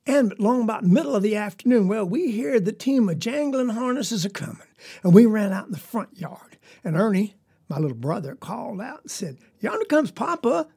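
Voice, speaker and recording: A woman's voice: mid-range voice, animated, a little fast, dark tone, husky. A woman with a Southern US accent playing a young farm girl who tells a story in a rambling, folksy, confiding way. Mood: earnest. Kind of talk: dramatic monologue.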